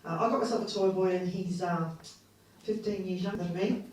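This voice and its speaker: A woman's voice: on the low side, fairly quick, very noisy. A woman doing a bawdy, self-mocking stand-up comedy set on stage, born in England and raised in Australia. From born in England, grew up in Australia. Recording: roomy live venue from a distance, audience laughter.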